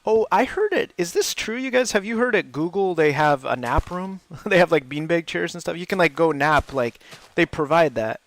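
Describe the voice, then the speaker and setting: Gravelly, chatty man streaming a game. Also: on the high side, animated, normal speed, hardly any pauses, fairly bright tone. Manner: rambling, chatty, laughs often, many fillers like "like". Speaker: livestream host, English teacher. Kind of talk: casual chat while gaming.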